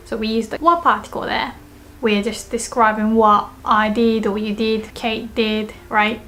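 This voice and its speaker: A woman giving a language lesson, explaining grammar and repeating each example phrase slowly and carefully. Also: on the high side, fairly bright tone. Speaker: Japanese teacher.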